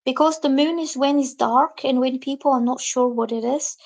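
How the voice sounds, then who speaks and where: A woman's voice: sits high, moderate pace, gravelly. A woman reading tarot cards on a live stream. She chats with her viewers, reads their comments out, and explains each card. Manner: lively, acts out quoted reactions. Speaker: tarot reader.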